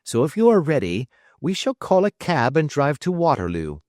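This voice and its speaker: A man voicing a calm, witty detective who answers threats with bland, quiet irony. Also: fairly high pitch, moderate pace, no echo, studio quality, voice pushed up. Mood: brisk. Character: calm, witty male detective, cool and imperturbable.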